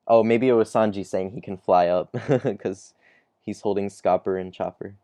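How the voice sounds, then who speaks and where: A man's voice: lowish voice, fairly even intonation, a little slow, dark tone, no room sound. A man recapping a comic chapter, reading the dialogue aloud in a casual way, often chuckling and trailing off mid-sentence.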